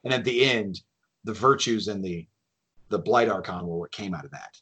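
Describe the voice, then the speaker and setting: A man's voice: lowish voice, moderate pace, a bit bright, slightly rough. A man on a podcast enthusiastically explaining game lore, often restarting his sentences. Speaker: game designer guest. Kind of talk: casual podcast chat.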